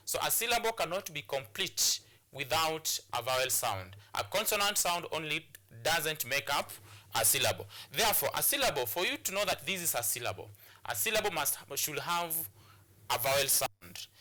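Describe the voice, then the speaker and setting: Kenyan guy teaching on tv, very bright voice, lots of uh and repeats. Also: fairly high pitch, very animated, normal speed. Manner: repetitive, hesitant with many fillers. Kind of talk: televised classroom lesson.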